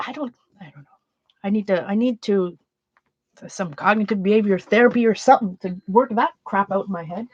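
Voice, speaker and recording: A woman's voice: medium pitch, moderate pace, breathy edge, no room sound, lo-fi sound. A woman casually chatting on her art livestream, rambling and questioning herself with many restarts. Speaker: art journaling streamer. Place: home art room with shelves.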